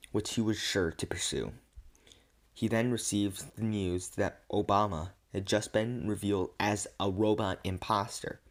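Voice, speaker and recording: A man reading an absurd comic story aloud in a deadpan way, often stumbling and restarting words. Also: on the low side.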